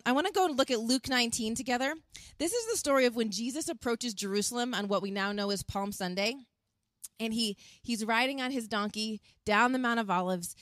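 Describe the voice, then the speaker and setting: A woman's voice: a little high, no room sound. Earnest woman preaching. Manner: earnest, animated storytelling with acted quotes. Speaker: pastor. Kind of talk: sermon. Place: outdoors in wind.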